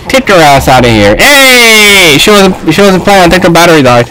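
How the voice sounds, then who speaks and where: Excitable man yelling over a fighting game. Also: high voice, normal speed, few pauses, soft background music, poor audio. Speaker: gaming video host. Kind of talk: live gameplay commentary.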